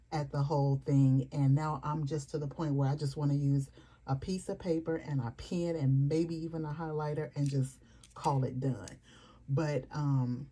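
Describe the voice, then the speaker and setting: A woman's voice: sits low, dark tone, husky. A woman vlogger chatting casually at home, rambling with fillers and asides about her planners. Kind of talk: casual chat to camera.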